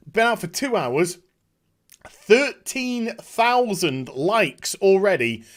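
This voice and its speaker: A middle-aged man giving casual, sarcastic commentary on a trailer, with chuckling asides. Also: high-pitched. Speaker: YouTube commentator.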